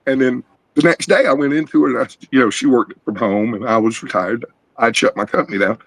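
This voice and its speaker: A middle-aged man calls in as a guest on an open video call panel, earnestly sharing a rambling personal testimony with animated storytelling. His medium-pitched voice moves briskly with vocal fry, and the recording is dry and low in quality.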